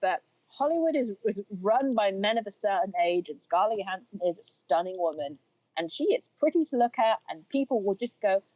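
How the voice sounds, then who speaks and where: A woman's voice: medium pitch, expressive, a little fast, a little mellow, no echo. A woman co-hosting a casual podcast chat, frank and opinionated, often restarting her sentences. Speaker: podcast co-host. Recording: slightly dull lo-fi dry sound.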